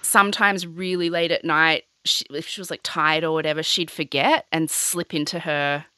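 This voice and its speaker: Young woman, podcast host, casual storytelling, bright tone, lots of "like", dry close sound. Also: low voice, fairly even intonation, normal speed, clean tone, no room sound. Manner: chatty, sweary, heavy on filler "like".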